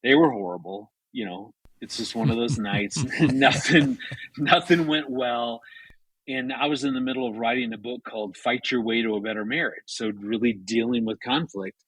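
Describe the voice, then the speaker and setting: A man's voice: mid-range voice, moderate pace, husky, dry recording. A man in his fifties, a marriage author and guest, talks through a story in a casual radio conversation, earnest, with many restarts. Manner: earnest, many restarts, animated when retelling.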